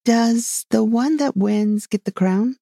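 A man's voice: high voice, animated, moderate pace, vocal fry, no room sound, studio quality, pitched above the performer's own voice, full character voice. A man voicing a polite, curious young girl in a storybook reading. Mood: breathless polite. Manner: polite, inquisitive.

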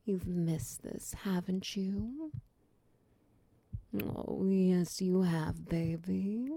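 A big, protective, doting lover, voiced by a woman murmurs in a whispered role-play, unhurried and soft. The voice is low-toned and gravelly, with a mellow, warm color. The recording sounds close and dry. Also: no echo, full character voice. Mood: cozy. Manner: slow, soft, cooing and teasing, drifting into whispers. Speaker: voice actor in audio role-play.

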